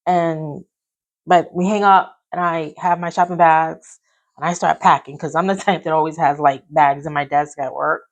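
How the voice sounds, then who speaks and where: A woman telling a personal work story in a casual, animated way, acting out what others said. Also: deep voice, normal speed. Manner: animated, acts out quotes of others. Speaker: podcast host telling her story.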